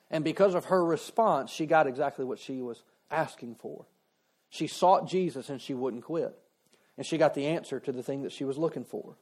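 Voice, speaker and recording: A man preaching a sermon in a relaxed, conversational way, slipping into quoted voices as he retells a story. His voice sits a little high for a man. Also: normal speed. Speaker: pastor.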